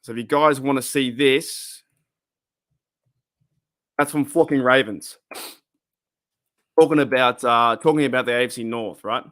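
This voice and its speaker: A man's voice: mid-range voice, a little slow, long pauses, a bit bright. Chatty man hosting a live stream. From Australia. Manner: rambling, chatty, reacts to chat comments, laughs often. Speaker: podcast host reading live chat. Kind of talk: casual live-stream chat.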